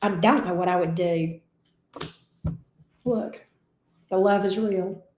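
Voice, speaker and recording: A woman's voice: fairly low pitch, steady tone, takes it slowly, a little mellow, roomy sound, a little hiss or hum. A woman giving a casual, emotional tarot reading. She talks expressively and swears now and then. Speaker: tarot reader.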